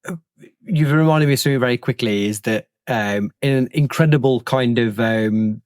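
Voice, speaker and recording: A man talks through a casual podcast chat, rambling, restarting his sentences and filling gaps with ums. His voice sits at an ordinary middle pitch. It is recorded close and dry, with no room around it. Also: moderate pace, darkish tone, no room sound. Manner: rambling, full of fillers and restarts. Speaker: podcast host.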